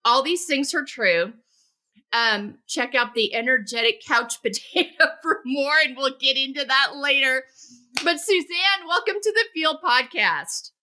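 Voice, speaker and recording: Woman, podcast host, bright clear tone, animated, emphatic, conversational. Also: sits high, a little slow. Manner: animated, rising emphasis on key words.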